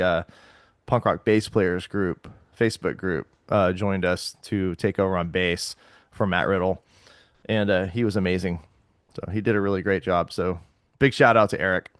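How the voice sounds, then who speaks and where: A man co-hosting a casual podcast chat, relaxed, with lots of fillers and frequent laughs. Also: low voice, no echo, studio quality. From Texas. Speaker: podcast co-host.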